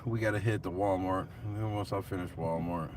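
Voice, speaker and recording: A man's voice: deep voice, steady tone, brisk, distant mic, heavy background noise. A man, a father, ranting casually and profanely while vlogging from his car.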